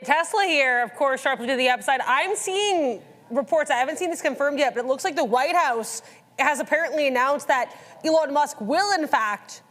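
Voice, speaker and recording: A woman giving a live market news update on a trading show in a brisk, hedged reporting manner. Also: high-pitched, a bit bright. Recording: long hall reverb.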